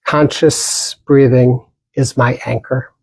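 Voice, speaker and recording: A man giving a dharma talk as a meditation teacher, speaking gently with pauses and small restarts. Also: medium pitch, little pitch movement, gravelly, breathy edge, no room sound, rough recording.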